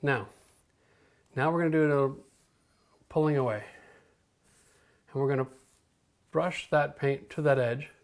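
A middle-aged man teaching a hands-on painting lesson in an energetic, coaching way, checking in often with "okay?". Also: medium pitch, measured pace, pauses often. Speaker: home renovation instructor.

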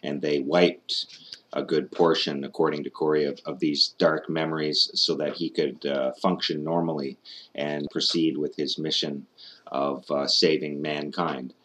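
Deep-voiced man giving skeptical commentary. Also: flat delivery, measured pace, a bit bright. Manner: sardonic, debunking tone with frequent fillers. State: out of breath.

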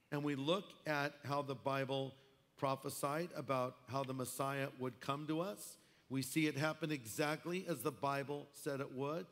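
A man's voice: a little high, fairly bright tone. A man preaching a sermon as pastor, emphatic with wry asides. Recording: long hall reverb.

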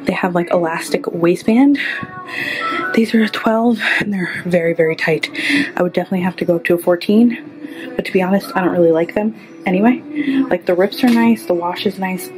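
A young fashion vlogger with a medium-pitched voice chats candidly and bluntly about how each item fits during a clothing try-on haul, first in a store fitting room and later inside a car. Background music plays, and the recording quality is low.

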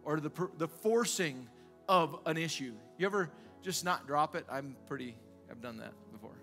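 A man's voice: on the high side, lively intonation, normal speed, a bit bright, soft background music. A male pastor preaching a sermon in a conversational way, asking the congregation rhetorical questions again and again.

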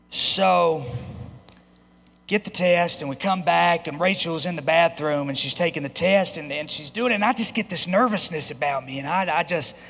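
A pastor in his thirties, with a high-pitched and fairly bright voice, tells a personal story during a sermon. He speaks conversationally and restarts often, and the church sanctuary gives the long reverb of a large hall.

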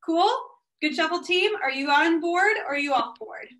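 A woman with a high, bright speaking voice gives an energetic workshop talk as a guest speaker. She sounds upbeat and chatty and keeps encouraging the audience she addresses. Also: normal speed. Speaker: guest speaker and business owner.

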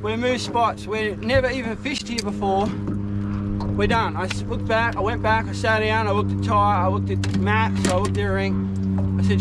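A man talks casually to camera while fishing from a boat on a river, chatty and earnest, sometimes cheering loudly. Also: high-pitched, normal speed. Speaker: fishing vlogger. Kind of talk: casual outdoor vlog narration. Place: on a small boat on a tidal river outdoors. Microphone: head-mounted camera. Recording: noisy outdoor boat recording.

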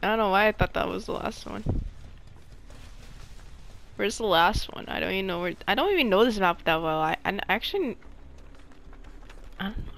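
A young woman giving casual gameplay commentary to her viewers, excitable and easily frustrated. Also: medium pitch, normal speed, creaky, pauses often, slight background noise, low-quality recording. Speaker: gaming channel creator.

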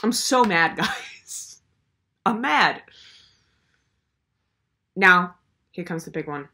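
Brief: young woman, comedic video host, sarcastic exasperated rant, very animated pitch. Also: takes it slowly. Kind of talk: comedic commentary.

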